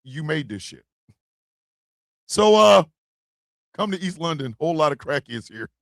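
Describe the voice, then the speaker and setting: A man hosting a stream, ranting and joking loudly with profanity and frequent laughter. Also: fairly high pitch, big pitch swings, measured pace, no room sound, studio quality. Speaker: streaming show host. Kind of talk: casual comedic rant.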